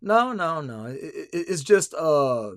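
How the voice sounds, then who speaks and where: A man's voice: a little high, very animated, slow, no echo, clean studio sound. A man hosting a livestream, talking emphatically with frequent stammered restarts and repetition. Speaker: livestream host. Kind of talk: casual livestream commentary.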